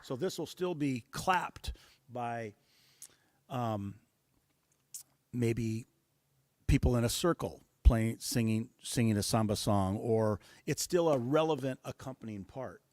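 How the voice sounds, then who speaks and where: A man from the United States, a guest musician talking in a relaxed interview, thoughtful and pausing often with fillers. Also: mid-range voice, dry recording. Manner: thoughtful, many hesitations and fillers. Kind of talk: casual interview talk.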